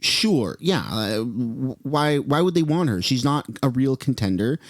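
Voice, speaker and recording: A man's voice: mid-range voice, expressive, unhurried, no echo. Man, french native speaker, blunt profane commentary, very dry close sound. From Canada. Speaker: political commentator. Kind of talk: casual reaction commentary.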